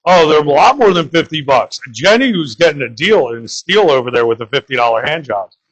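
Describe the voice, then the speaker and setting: A man's voice: a little high, lively intonation, a little fast, a bit bright, low-quality recording. A young man from the Bronx doing crude, rambling open-mic stand-up and talking to the crowd. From New York (the Bronx). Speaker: stand-up comedian.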